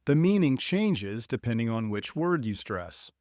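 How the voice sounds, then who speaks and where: A man hosting a podcast episode, giving a clear, deliberate, scripted lesson to English learners. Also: fairly high pitch, sing-song, darkish tone, dry recording, studio quality. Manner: slow, clear, deliberate delivery. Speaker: podcast host and English teacher.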